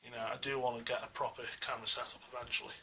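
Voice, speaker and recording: A man's voice: medium pitch, flat delivery, racing, pushed and bright. A man at home reviewing a collectible statue in a casual, enthusiastic, rambling way, full of fillers, recorded on a small camera mic. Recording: distant mic with faint hiss.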